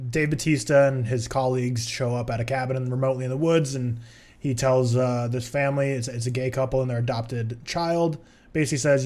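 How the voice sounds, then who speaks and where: Male podcast co-host, mid-pitched, casual, rambling delivery full of fillers. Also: a little mellow. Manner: rambling, many filler words. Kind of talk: casual film review chat.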